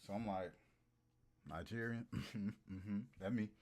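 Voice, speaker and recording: A man livestreaming and riffing comically to his chat, animated and hyped, repeating lines for laughs. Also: fairly low pitch, a little slow. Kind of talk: casual comedic riffing to a live chat.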